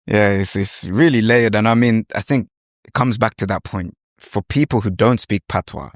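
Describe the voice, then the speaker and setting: A man's voice: lowish voice, moderate pace, no room sound, studio quality. A man hosting a podcast, asking curious, thoughtful follow-up questions in casual chat. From England. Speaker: podcast host, interviewer.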